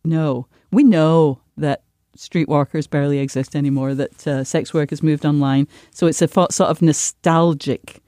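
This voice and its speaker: A woman's voice: low-pitched, fairly even intonation, moderate pace, mellow, no echo, clean studio sound. A woman producer on a podcast panel, chatting casually and explaining with careful restarts. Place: New York studio.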